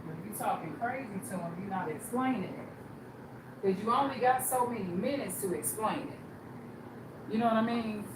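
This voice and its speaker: A blunt, animated woman telling stories on a livestream, switching into voices for the people she quotes. Her voice sits in a middle range. The room is echoey, and steady background noise runs underneath. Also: medium pitch. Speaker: livestream host. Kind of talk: casual storytelling on a livestream.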